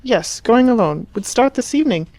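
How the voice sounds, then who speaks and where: An imperious upper-class English mother, clipped and commanding, her voice climbing high when she presses her point, as a woman reading the book puts her on. The sound is close and dry, with no room around it. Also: expressive, moderate pace, dark tone, dry recording. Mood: insistent.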